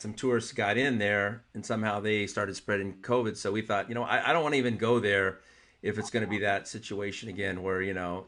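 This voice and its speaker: A man's voice: fairly low pitch, fairly bright tone. Chatty man venting in casual talk. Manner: chatty, exasperated storytelling. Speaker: martial arts podcast co-host. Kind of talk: casual chat.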